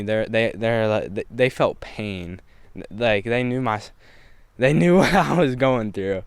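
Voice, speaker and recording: A man's voice: medium pitch, clean tone, no room sound. A young man vlogging a casual storytime, slangy and laid-back, laughing between lines.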